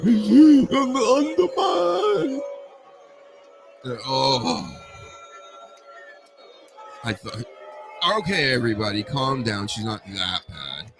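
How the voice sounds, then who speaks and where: A man hosting a solo podcast, rambling and joking with mock threats and loud mocking outbursts. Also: fairly low pitch, slight background noise. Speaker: podcast host. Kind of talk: casual solo wrestling podcast chat.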